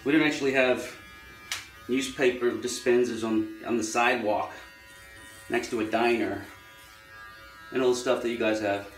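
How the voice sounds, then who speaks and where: A man's voice: medium pitch, steady tone, normal speed, long pauses. An Australian man rambling wryly to camera in a casual vlog, musing aloud as he trims his hair. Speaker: vlogger. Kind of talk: casual monologue while trimming hair. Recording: echoey room, faint music. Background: electric trimmer buzzing.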